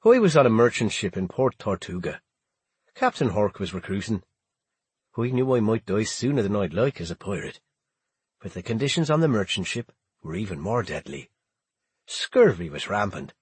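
A man doing a soft-spoken grieving Irish pirate. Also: on the low side, very animated, normal speed, slightly rough, no room sound, exaggerated voice. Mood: wistful.

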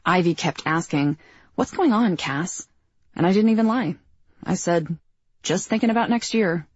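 A woman reads a first-person audiobook with a wry, self-deprecating, expressive delivery. Her voice is low and husky. The recording is dry and a little dull. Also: dry recording. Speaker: audiobook narrator.

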